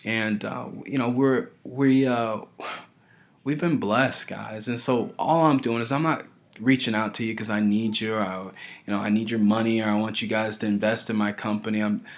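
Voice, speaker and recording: A man's voice: lowish voice, steady tone, moderate pace. A man in his thirties talking casually and earnestly to his followers, rambling and pressing his points harder as he goes. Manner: earnest, rambling, keeps asking "right?"; grows forceful when stressing a point. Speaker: vlogger addressing followers. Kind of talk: casual direct-to-camera talk.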